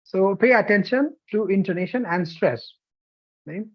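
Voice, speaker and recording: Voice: mid-range voice, normal speed. An instructor from India with an Indian English accent, teaching a live online demo lesson and often checking in with "okay?" and "you know". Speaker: TEFL course instructor. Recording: dull lo-fi online class audio.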